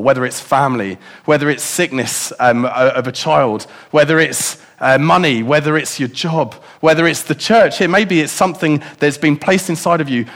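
A man with a medium-pitched voice preaches a reflective sermon, putting many rhetorical questions to his congregation and dropping softer for emphasis.

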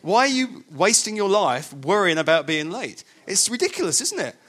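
A man's voice: high voice, big pitch swings, moderate pace, a bit bright. A man delivering a sermon in a slightly raised voice. He talks in a conversational way but hammers his points with emphatic repetition. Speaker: pastor.

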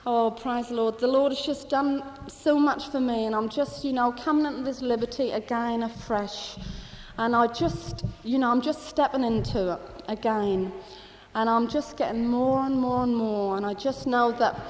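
Fervent woman in a reverberant hall. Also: a little high. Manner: rambling, fervent, with many restarts. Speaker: testifying church member. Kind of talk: spoken testimony at a church meeting.

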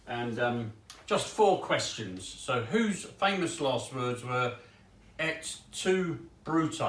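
A man's voice: medium pitch, a bit bright. Chatty man preaching in an echoey room. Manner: light, chatty humour with small asides. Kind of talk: sermon. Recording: echoey room heard from a distance.

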